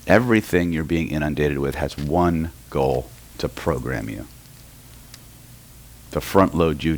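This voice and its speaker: A middle-aged man from Oklahoma teaching a live seminar on hypnosis, telling stories and often checking in with the audience. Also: rumbling low. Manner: storytelling, keeps checking in with the room. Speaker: hypnosis and NLP trainer.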